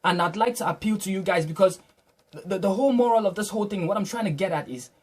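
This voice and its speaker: A man's voice: high-pitched, fast. A man earnestly retelling a personal encounter in a reflective, motivational way, often repeating and restarting his phrases. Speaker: vlogger.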